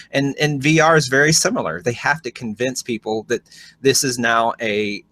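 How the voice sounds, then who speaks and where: A man's voice: medium pitch, fairly bright tone, dry recording. A man co-hosts a casual podcast in a mid-range voice. He rambles and is full of opinions, leaning on filler words. The recording is dry and close. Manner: rambling, many "you know" fillers, opinionated. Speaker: podcast co-host.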